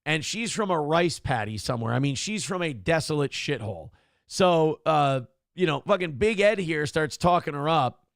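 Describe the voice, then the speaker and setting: With a slightly high, gravelly voice, this livestream host talks at a moderate pace and sounds expressive. He rambles through his morning talk show with mocking, casual commentary and reads messages from donors. The audio is clean studio sound with no room sound.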